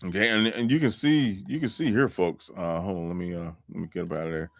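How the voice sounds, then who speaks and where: Male live-stream host, low voice, loose and repetitive delivery with fillers, dry sound. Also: fairly even intonation, fast, creaky, dry recording. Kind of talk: casual live-stream talk. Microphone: home microphone.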